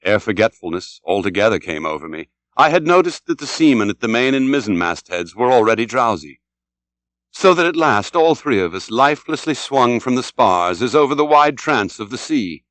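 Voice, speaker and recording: Male narrator, mid pitch, animated dramatic reading, dry studio recording. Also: moderate pace, no room sound. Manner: dramatic, shouts out the sailors' cries. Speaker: audiobook narrator. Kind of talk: scripted narration.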